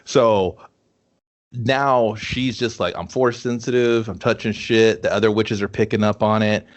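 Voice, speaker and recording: A man's voice: lowish voice, steady tone, measured pace. A man co-hosting a casual movie review podcast, joking crudely and slipping into mock voices as he recaps the plot. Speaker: podcast co-host.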